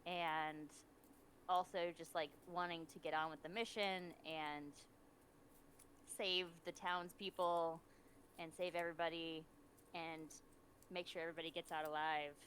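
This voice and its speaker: A woman player explaining her character's thoughts in casual tabletop talk, slow and thoughtful. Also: low-pitched, little pitch movement, fairly bright tone, slight background noise, poor audio. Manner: thoughtful, explaining slowly with fillers.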